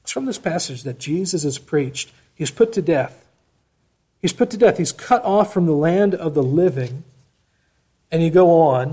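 A man preaching a sermon, reading scripture aloud and explaining it with expressive shifts in loudness. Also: on the high side, moderate pace, husky.

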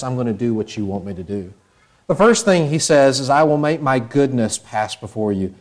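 A man's voice: medium pitch, a little mellow. A man preaching a sermon, explaining scripture verse by verse and speaking God's words in an earnest voice. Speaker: pastor.

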